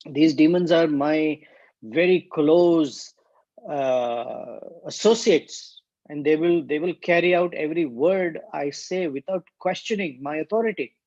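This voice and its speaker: A man voicing an angry, proud male demon lord who scolds with indignant, booming rebukes. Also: moderate pace, hardly any pauses, darkish tone, dry recording. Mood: irritated scolding. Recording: dull, dry lo-fi recording.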